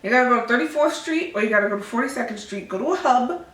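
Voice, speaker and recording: A woman's voice: a little high, animated, rapid-fire, fairly bright tone, reverberant. A woman co-hosting a podcast, chatting casually in a blunt, profane, teasing way. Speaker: podcast co-host. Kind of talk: casual chat.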